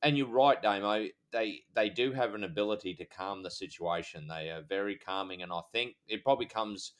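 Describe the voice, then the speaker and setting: A man's voice: fairly low pitch, brisk, smooth. An Australian man co-hosting a podcast, a police officer chatting hesitantly with many ums. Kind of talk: casual chat.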